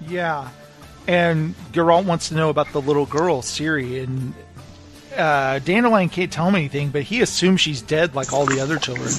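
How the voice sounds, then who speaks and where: A man co-hosting a podcast, casually recapping a book and acting out the lines in quick voices. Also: fairly high pitch, soft background music. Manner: animated retelling with quoted voices. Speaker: podcast co-host.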